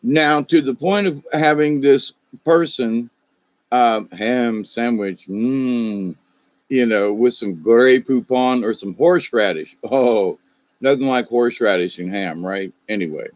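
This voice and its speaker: A man's voice: medium pitch, takes it slowly, no echo, lo-fi sound. Rambling Southern man chatting live. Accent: Southern US drawl. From American South. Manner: rambling, chuckling, talks to chat viewers by name. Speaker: livestream host. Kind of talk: casual livestream chat.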